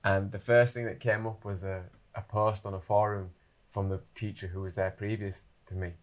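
A young man speaking in a lowish voice. He tells a long story in a casual, lively way. His sentences are full of fillers and quoted asides. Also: normal speed. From England. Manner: animated, filler-heavy anecdote telling.

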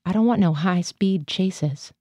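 Blunt, rambling AWOL Marine veteran, as read by a woman, dark low voice. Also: unhurried, dry recording, clean studio sound. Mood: chatty. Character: AWOL male Marine veteran, restless and talkative.

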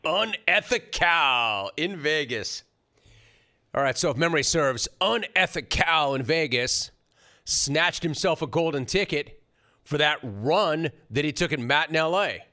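A middle-aged man hosting a sports talk radio show, screening callers with brisk, punchy remarks. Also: on the high side, animated, bright, forceful tone.

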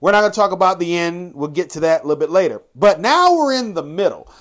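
A man hosting a podcast in a casual monologue, talking dramatically and mixing quick asides with slow, drawn-out, emphatic phrases. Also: sits high, big pitch swings, a bit bright. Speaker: podcast host.

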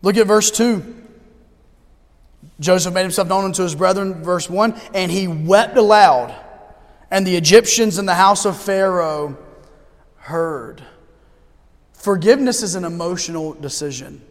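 A man preaching a sermon as pastor in a church, talking conversationally with humor and slowing down for emphasis. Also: high-pitched, long reverb tail. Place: church sanctuary.

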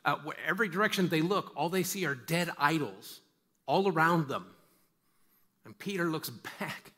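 Preaching with a lively, slightly high voice and a touch of brightness, a male pastor keeps a moderate pace. He drives his points home through repetition and by asking the congregation direct questions.

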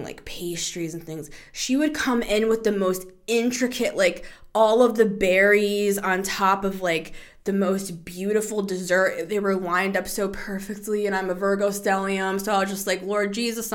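A woman in her thirties hosting a casual tarot reading show, chatty and animated, laughing often and swearing freely. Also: medium pitch. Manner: animated, shifts into playful voices. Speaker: tarot podcast host.

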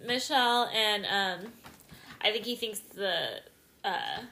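A woman co-hosting a casual chat, opinionated and quick to laugh as she chimes in on the show. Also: mid-range voice, expressive, pushed and bright. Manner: opinionated, laughs often, chimes in over her partner.

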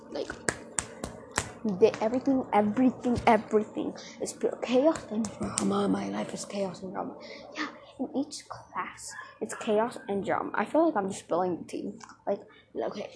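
A woman's voice: mid-range voice, noisy background. A teenage girl chatting casually to her viewers in a rambling, distracted way, full of fillers, with a dry throat. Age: teens. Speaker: vlogger.

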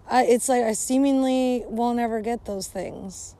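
A woman's voice: fairly high pitch, measured pace, hardly any pauses, mellow. A woman venting in a casual vlog, recorded on her phone outdoors at a park, bitter and sarcastic with lots of swearing. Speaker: vlogger. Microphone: phone held by speaker.

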